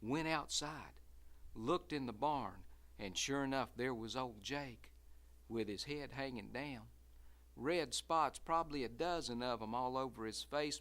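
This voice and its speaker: A man's voice: mid-range voice, a bit bright. A man storyteller telling a folksy tale, building suspense by drawing out and repeating phrases. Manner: drawn-out, repetitive suspense building.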